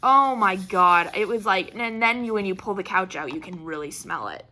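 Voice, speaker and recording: A young woman hosting a casual craft-channel chat, telling a story in an animated way and swearing freely. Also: mid-range voice, normal speed, a little hiss or hum.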